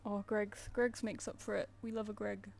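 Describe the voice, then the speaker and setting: British woman, young adult, casual streamer, mid pitch, playful coos. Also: level tone, moderate pace, gravelly, darkish tone, faint music behind. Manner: chatty, playful, coos at her pet. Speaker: streamer drawing live commissions. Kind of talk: casual chat while drawing.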